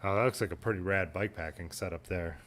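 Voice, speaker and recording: Speaking fast in a low-pitched, fairly bright voice, a man runs a relaxed livestream. His chat is easygoing and rambling as he reads out comments from viewers.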